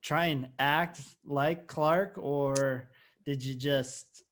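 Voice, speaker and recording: A man's voice: a little high, steady tone, extremely slow, a bit bright. A man co-hosting a casual podcast, asking a guest questions and affirming his answers. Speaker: podcast co-host.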